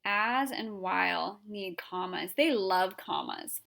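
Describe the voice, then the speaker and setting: A woman teaches an English grammar lesson in a mid-pitched voice. She explains each point patiently and clearly. She reads example sentences aloud as she goes. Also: lively intonation, takes it slowly, a bit bright.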